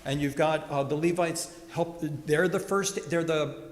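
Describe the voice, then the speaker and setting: A rabbi giving a funeral eulogy in a large synagogue sanctuary, telling lively stories with quick asides. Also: male voice, fairly high pitch. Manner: animated storytelling with asides. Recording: echoey hall with long reverb.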